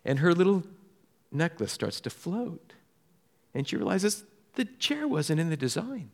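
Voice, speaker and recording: A man from Southern California preaching a sermon, telling personal stories and often dropping to a soft hush to drive a point home. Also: on the high side, very animated, a little slow. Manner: storytelling, drops to a soft hush for emphasis. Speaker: pastor. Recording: echoey hall reverb.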